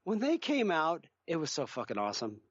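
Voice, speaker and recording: Male co-host, animated and rambling, casual swearing, dry lo-fi sound. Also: on the high side, brisk, husky, no room sound. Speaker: podcast co-host. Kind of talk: casual chat.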